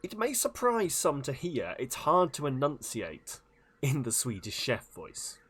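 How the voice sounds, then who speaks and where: A man's voice: medium pitch, huge pitch swings, measured pace, a bit bright, breathy edge. A man livestreaming a game, chatting in a giggly, self-mocking way. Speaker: streamer. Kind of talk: casual gaming livestream chat.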